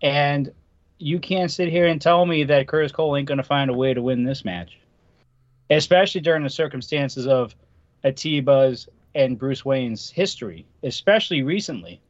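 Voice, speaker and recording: A man from Massachusetts arguing his wrestling picks with casual slang and mock sternness. His voice sits at a middle pitch, and the recording sounds dull and lo-fi. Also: moderate pace, no echo. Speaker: podcast panelist. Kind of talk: wrestling preview chat.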